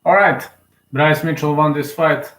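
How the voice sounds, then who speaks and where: A man's voice: a little high, steady tone, measured pace, a bit bright. Emotional man, echoey room. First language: Serbian. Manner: emotional, hesitant, thinking aloud. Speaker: live fight commentator. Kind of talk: casual live commentary.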